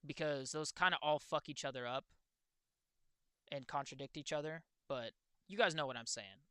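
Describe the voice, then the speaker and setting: Excitable young man, bright and crisp. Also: fairly high pitch, moderate pace, dry recording. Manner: excitable, swears freely, talks to chat. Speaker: streamer. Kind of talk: casual livestream chat.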